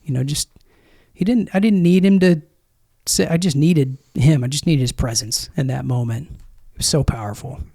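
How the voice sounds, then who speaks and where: A man in his thirties, a former Marine, speaking as a podcast guest in an earnest, reflective way, with frequent pauses and restarts. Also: on the high side, creaky, warm tone, slightly rough. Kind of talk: conversational interview storytelling.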